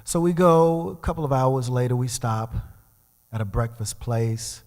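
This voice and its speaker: A man's voice: mid-range voice, a little slow, darkish tone. Man telling a story in a reverberant church. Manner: dramatic storyteller who acts out the voices. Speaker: guest speaker and musician. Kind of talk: storytelling sermon. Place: large church sanctuary. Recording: long reverb of a church hall.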